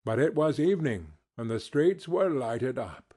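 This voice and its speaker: A male audiobook narrator reads a classic story at a slow, deliberate pace. His pitch moves a lot, and his voice has a slightly husky edge. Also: sing-song, mellow. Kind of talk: scripted narration.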